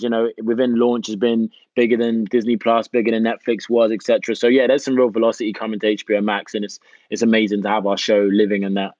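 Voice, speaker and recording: A British man, an actor, chatting casually as an interview guest, relaxed and full of "you know" and "man". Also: mid-range voice, no room sound, highs cut off. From England.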